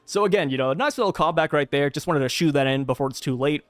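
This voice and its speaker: A man hosting his own manga review videos, talking casually with excitable, slangy asides. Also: a little high, quick pace, no echo. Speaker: manga review channel host.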